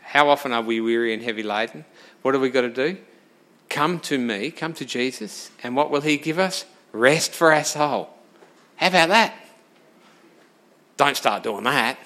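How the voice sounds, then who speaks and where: A man preaching a sermon, lively and direct, asking the congregation questions and moving between loud emphasis and quiet asides. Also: medium pitch, normal speed. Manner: animated, talks straight to the congregation with questions.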